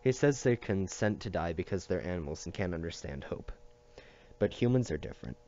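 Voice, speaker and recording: A calm, hopeful boy who keeps his nerve, voiced by a man reading aloud. The voice stays low and reassuring. The sound is dull and lo-fi. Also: a little fast. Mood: steady.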